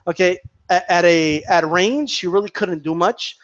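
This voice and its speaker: A man's voice: sits high, normal speed, fairly bright tone, lo-fi sound. A man giving an opinionated, profane rant as a boxing commentator, repeating and tripping over his words.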